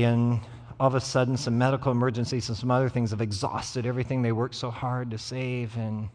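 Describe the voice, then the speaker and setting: In a church sanctuary, a man delivers a sermon as pastor, his voice medium in pitch with a darkish tone. He works through stories by performing the voices of their characters, with church hall reverb around him.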